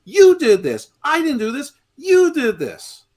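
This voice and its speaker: A man putting on the voice of an enraged, betrayed male wrestler who is berating a traitor in a high, strained rant. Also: huge pitch swings, unhurried, darkish tone, full character voice. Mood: furious.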